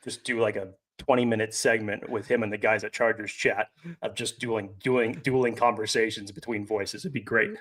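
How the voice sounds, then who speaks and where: A man co-hosting a sports podcast, breaking down the roster in a measured, analytical way. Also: fairly low pitch, fairly even intonation, fairly bright tone. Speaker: podcast co-host. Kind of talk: casual sports podcast chat.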